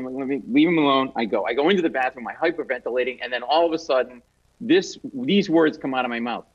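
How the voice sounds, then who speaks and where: Animated comic storyteller man, higher voice. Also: muffled recording. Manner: animated, self-mocking storyteller. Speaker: guest comedian.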